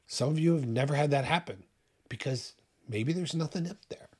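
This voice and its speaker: Husky-voiced preaching man. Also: on the high side, a little mellow. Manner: emphatic preaching, pace swinging fast and slow. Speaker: pastor. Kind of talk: sermon.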